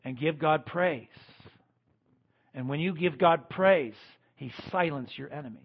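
High-voiced husky male preacher. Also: measured pace, phone-quality sound. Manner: preaching with swings from loud emphatic lines to quiet ones. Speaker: pastor. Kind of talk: sermon.

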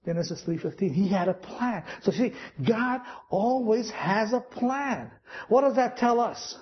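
A man's voice: high-pitched, expressive, unhurried, highs cut off. A man preaching a sermon, telling stories with acted-out quotes and chuckling as he goes. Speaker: pastor.

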